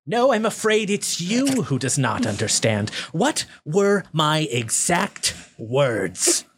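A man's voice: on the high side, big pitch swings, slow, a little hiss or hum, voice pushed up. A man voicing a scheming male goblin warlord who speaks with false courtesy in a tabletop game. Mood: smug.

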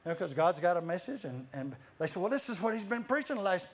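A man's voice: sits high, big pitch swings, fast, a little hiss or hum. A man preaching a sermon, telling stories with many restarts and frequent laughter. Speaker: guest preacher. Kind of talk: lively sermon storytelling.

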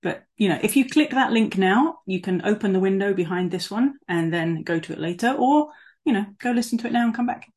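A woman praying and then preaching over a video call, gentle and measured in prayer, casual in her asides. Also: mid-range voice. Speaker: guest speaker.

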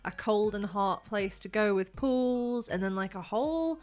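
A woman's voice: medium pitch, lively intonation, a little slow, a little mellow. A woman narrating a tabletop game as game master, describing scenes in a loose way full of "like"s.

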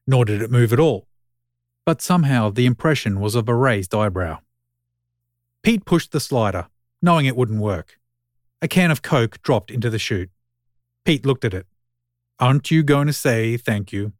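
A man reads a short story aloud in a steady, mid-pitched voice. His narration is even and wry. The recording is close and dry. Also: no room sound.

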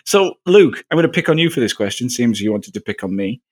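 A man's voice: mid-range voice, big pitch swings, a little fast. A man hosting a casual sports chat podcast, joking and laughing, often tripping over his words. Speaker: podcast host.

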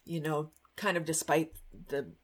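Chatty laughing woman, slightly low voice. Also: measured pace, breathy edge. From Canada. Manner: chatty, laughs often, animated. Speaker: guest, worm composting business owner. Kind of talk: casual interview chat.

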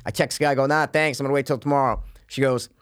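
A man rattles off a story at a quick clip, his voice set in the middle of the range. He acts out each back-and-forth, jumping into the other characters' lines, and swears freely as he goes. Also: mid-range voice, steady tone, smooth. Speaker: guest telling a story. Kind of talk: casual storytelling chat.

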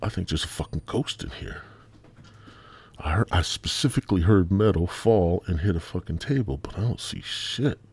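A man's voice: low-pitched, lively intonation, normal speed, a little mellow, husky. A man from the American Midwest hosting a podcast and telling a rambling, profane comic story. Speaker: podcast host.

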